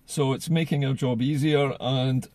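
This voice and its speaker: A man's voice: mid-range voice, fairly even intonation, a little slow, a little mellow. A man giving solo political commentary in an earnest way, often repeating words as he gathers his thoughts.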